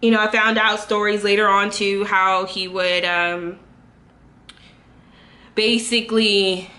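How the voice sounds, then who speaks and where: A young woman talking through a personal story in a casual vlog, candid and unpolished, full of fillers and restarts. Her voice is bright and sits at an ordinary pitch. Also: little pitch movement, takes it slowly. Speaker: vlogger.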